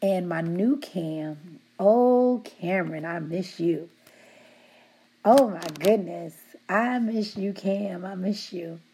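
Speaking slowly in a fairly low voice, with slight background noise, a middle-aged team supervisor teases her workers fondly. She gives them warm shout-outs and laughs frequently.

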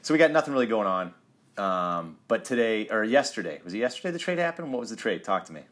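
A man's voice: fairly low pitch, big pitch swings, fast talker, a bit bright. A middle-aged man co-hosting a casual sports podcast, teasing and quizzing his co-host.

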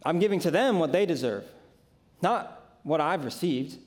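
Preaching as pastor, this man brings scripture to life and shares stories from his own experience, phrasing things dramatically and deliberately. His voice sits on the high side and is expressive.

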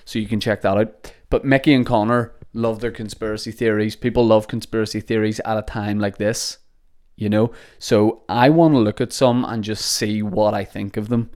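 A man's voice: on the low side, fairly even intonation, normal speed, darkish tone. Jokey man hosting a podcast. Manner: rambling, jokey, sweary. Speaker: podcast host. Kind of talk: casual comedic monologue. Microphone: podcast microphone.

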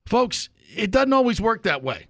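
Gravelly, opinionated sports radio host man. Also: high voice, very animated, normal speed, fairly bright tone, dry recording. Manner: opinionated, emphatic, fired-up. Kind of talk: sports talk radio monologue.

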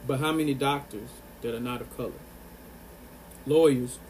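A man's voice: mid-range voice, steady tone, normal speed, darkish tone, a little hiss or hum. A man delivering an earnest, impassioned monologue to his viewers, pressing his points and repeating phrases for emphasis. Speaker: vlogger.

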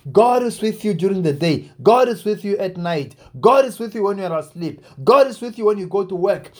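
A man with a high voice delivers an exhorting sermon. He drives his points home through repetition, swinging between emphatic lines and softer, lower ones. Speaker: preacher.

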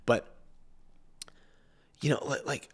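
A man's voice: slow pace, a bit bright. A man hosting a podcast, ranting casually in a profane, rambling way with frequent stammered restarts. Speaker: podcast host. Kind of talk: casual rant.

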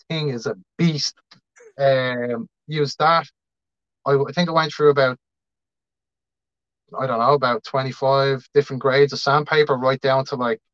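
A man's voice: mid-range voice, a bit bright, no echo, highs cut off. A man in his thirties with a Dublin accent, a podcast guest telling a long story in a rambling, chatty way and acting out the people in it. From Dublin, Ireland. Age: 30s. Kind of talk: casual storytelling.

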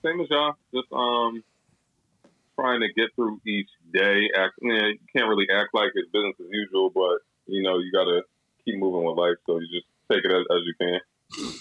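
A man joining a podcast as a guest, speaking in a subdued, measured way in casual chat. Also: deep voice, fairly even intonation, no room sound, highs cut off.

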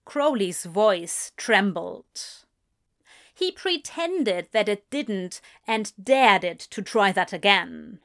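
A woman reading fan fiction aloud in calm, measured narration. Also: medium pitch. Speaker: reader.

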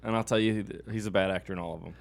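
A man's voice: on the low side, steady tone, very fast, creaky. A man co-hosting a casual movie review podcast, a playful contrarian who teases and mimics people. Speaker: podcast co-host.

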